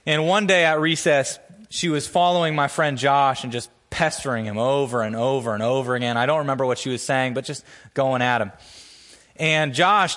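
Earnest male pastor preaching. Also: a bit bright. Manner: storytelling, earnest, builds emphasis with rising pitch. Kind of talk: sermon with opening prayer. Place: church sanctuary.

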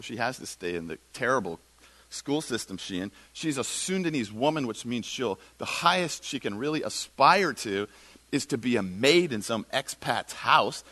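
Brief: middle-aged male pastor, lively sermon storyteller, very expressive melody, bright tone. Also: medium pitch. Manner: animated storytelling, acting out dialogue.

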